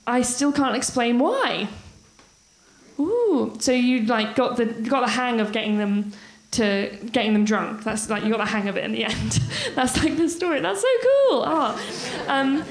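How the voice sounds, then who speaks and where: A woman's voice: fairly high pitch, sing-song, measured pace. A woman hosting a live story slam, bubbly and chatty, laughing between announcements. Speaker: event host. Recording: echoey live venue with crowd and noise.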